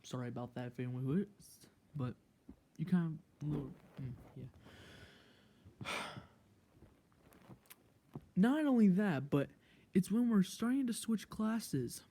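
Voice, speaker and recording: Chatty teen girl, mellow low voice. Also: lively intonation, slow, long pauses. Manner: chatty, rambling with asides. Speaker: vlogger. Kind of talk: storytime vlog.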